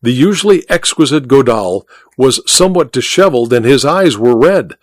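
A man narrating a story as an audiobook reader, with measured, expressive storytelling on a close mic. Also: mid-range voice, dry recording. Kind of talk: scripted narration.

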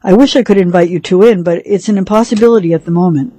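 A woman's voice: fairly low pitch, fast, dark tone, dry recording, close to an everyday voice. A woman reading the lines of a guarded young woman who answers curtly. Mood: firm.

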